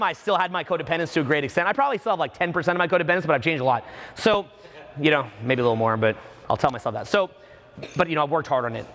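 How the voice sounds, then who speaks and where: A man, a dating coach, telling stories to a live seminar audience, profane and animated. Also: a little high, very fast. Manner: profane, animated, acts out the people in his stories. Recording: long reverb of a seminar hall.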